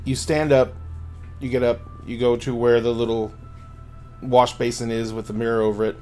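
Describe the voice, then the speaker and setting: A man's voice: medium pitch, flat delivery, moderate pace, a little mellow, faint music behind. A man running a tabletop game as game master, narrating loosely with many fillers and restarts.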